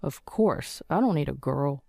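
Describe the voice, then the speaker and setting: A woman's voice: low voice, expressive, unhurried, gravelly, mellow, dry recording, clean studio sound, voice pushed down, full character voice. A woman voicing a cold, dismissive husband who wants a son, with a curt and scornful delivery in a storybook narration. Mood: contemptuous.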